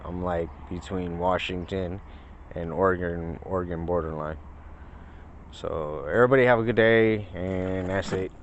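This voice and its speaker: A man's voice: low-pitched, fairly even intonation, unhurried, dull audio, a little hiss or hum. A man telling a rambling story in a casual vlog, full of fillers, recorded on a phone outdoors by a pond. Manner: rambling, filler-heavy, retells dialogue in put-on voices. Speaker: vlogger.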